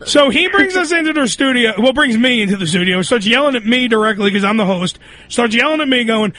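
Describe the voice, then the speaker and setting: A man's voice: extremely high pitch, animated, quick pace, sharp tone, no echo. A man hosting a crude comedy talk show, telling stories in a rambling, raunchy way. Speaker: radio show host.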